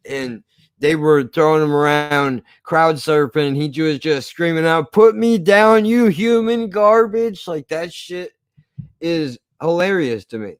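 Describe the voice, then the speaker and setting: A man's voice: mid-range voice, clear, resonant tone, dry recording. A man streaming live, ranting casually in a rambling, profane way with frequent restarts.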